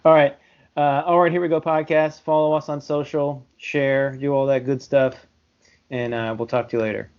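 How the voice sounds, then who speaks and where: A man's voice: medium pitch, flat delivery, moderate pace, clear, resonant tone. A man co-hosting a podcast in casual chat, easygoing and full of filler words. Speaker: podcast co-host. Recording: dull lo-fi sound.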